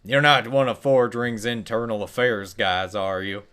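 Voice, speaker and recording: A man's voice: on the low side, steady tone, a little slow, sharp tone, smooth. A man voicing a defensive male tailor in a game, prickly and curt.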